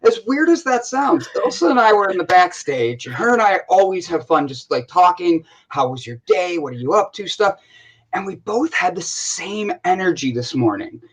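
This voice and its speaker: A man with an American accent tells a story in a casual co-hosted chat. His voice sits high, and he talks in an animated way, starting his sentences over again and again. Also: moderate pace, husky, rough recording. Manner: animated storytelling with many restarts. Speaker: co-host.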